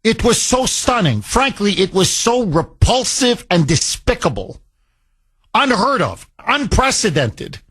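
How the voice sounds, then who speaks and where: Indignant talk radio host, lively and high. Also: male voice, measured pace, slightly rough. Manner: indignant, rhetorical, emphatic.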